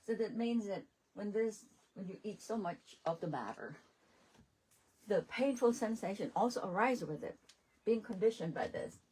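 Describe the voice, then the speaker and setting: A woman's voice: mid-range voice, expressive, moderate pace, darkish tone, slightly rough, low-quality recording. A woman, a Buddhist nun, giving a dharma talk at a retreat, laughing often and repeating phrases, with slightly non-native English grammar. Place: retreat center teaching hall.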